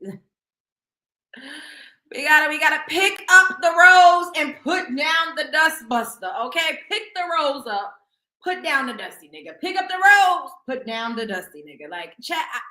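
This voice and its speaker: Bright-voiced woman dishing gossip. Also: sits high, normal speed, roomy sound. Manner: blunt, profane, animated, stumbles over repeated words. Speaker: gossip show host. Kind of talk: casual celebrity gossip commentary.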